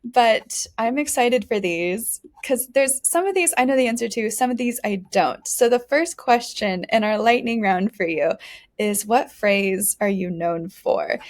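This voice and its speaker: Upbeat woman co-host, kinda high voice, friendly, laughs while asking stuff. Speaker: podcast co-host. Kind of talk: casual interview.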